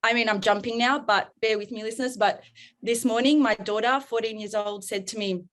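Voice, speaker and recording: A woman's voice: a little high, brisk. A woman, a parenting coach talking animatedly and acting out scenes on a podcast. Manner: animated, acts out parent and child in role-play. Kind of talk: podcast interview.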